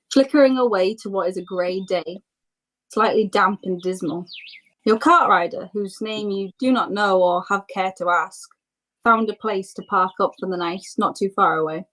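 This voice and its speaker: Woman, game master, descriptive narration, relaxed, mid-pitched voice. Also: rough recording. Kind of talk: narrating a tabletop role-playing game.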